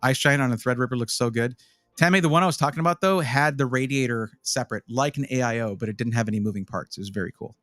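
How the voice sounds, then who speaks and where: A man's voice: medium pitch, quick pace, dry recording, soft background music. A man chatting casually on a live stream, reviewing gaming PC parts and rambling as he answers his chat. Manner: animated, rambling, talks to chat.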